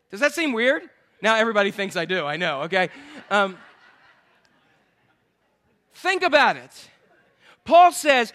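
A man preaching a sermon, animated, swinging between loud exclamations and hushed asides. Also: high voice, a little fast. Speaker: pastor.

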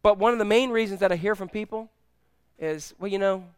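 A man's voice: high voice, brisk, clean tone, dry recording, clean studio sound. A middle-aged man preaching a sermon, telling family stories in a conversational way and asking the audience questions. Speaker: pastor.

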